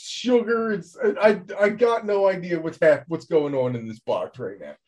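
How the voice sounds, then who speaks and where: Incredulous man, slightly high voice. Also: normal speed, a little mellow. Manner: incredulous, exaggerated reactions. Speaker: podcast co-host. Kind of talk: casual chat.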